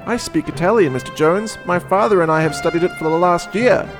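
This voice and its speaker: A man's voice: on the high side, a little fast, music in the background, pitched above the performer's own voice, close to an everyday voice. Man doing a prim eager boy scout kid. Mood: earnest. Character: earnest boy scout, fourteen, eager and formal.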